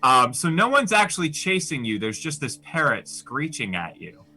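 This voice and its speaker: A man's voice: on the high side, moderate pace, exaggerated voice. A man playing a laid-back tabletop game master. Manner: relaxed, hesitant, many "uh"s.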